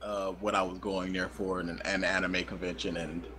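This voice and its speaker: A man's voice: low-pitched, level tone, normal speed, noisy background. A young man co-hosting a podcast, telling a rambling, self-deprecating story in casual chat. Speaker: podcast co-host.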